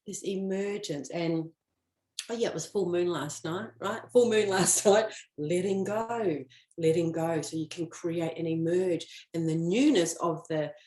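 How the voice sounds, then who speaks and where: Woman host, lowish voice, chatty and playful, live-stream card reading, roomy echo. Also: measured pace, warm tone. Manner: chatty, playful, riffs and laughs, acts out quoted self-talk. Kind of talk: casual live-stream talk. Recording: echoey room.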